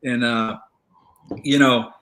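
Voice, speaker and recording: A man, a former federal agent, telling stories in a casual interview, relaxed and rambling with many fillers. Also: medium pitch, slow, a little hiss or hum.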